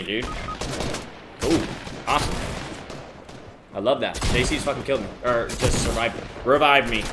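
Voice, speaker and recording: A young man live-streaming, casually reading out donations and thanking viewers, swearing freely and yelling when a game goes wrong. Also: on the low side, moderate pace, long pauses, noisy background. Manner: excitable, swears freely, yells during gameplay. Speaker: livestreamer.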